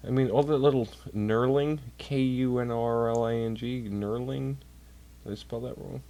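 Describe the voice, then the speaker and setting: A man does chores at home while chatting on a livestream, rambling and cursing casually into his computer mic. He has a warm, medium-pitched voice with a steady tone and normal speed.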